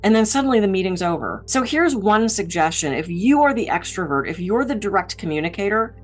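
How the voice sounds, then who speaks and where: A middle-aged woman from Pittsburgh giving a motivational talk as a keynote speaker, with a high-energy and direct delivery. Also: animated, a little fast. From Pittsburgh, USA.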